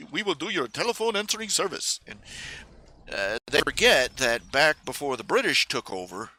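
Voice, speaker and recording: A man's voice: mid-range voice, sharp tone. A man hosting a live stream, talking in a rambling casual monologue full of fillers and restarts. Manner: halting, many fillers and restarts, mocking put-on accents in quotes.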